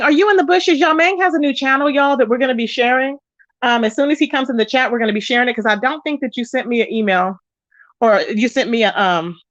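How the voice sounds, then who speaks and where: A woman hosting a casual gossip livestream, chatty and animated, greeting viewers in the chat by name. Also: dry recording. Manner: animated, pitch jumps up when excited. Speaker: live-stream gossip host. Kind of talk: casual live-stream chat. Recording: dull lo-fi sound, dry.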